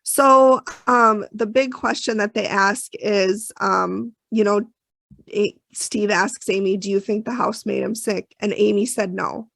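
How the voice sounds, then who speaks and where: Gravelly-voiced woman podcast co-host. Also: mid-range voice, steady tone, measured pace, fairly bright tone, no echo. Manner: emotional, chatty, many fillers and restarts. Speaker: podcast co-host recapping an episode. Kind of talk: casual chat.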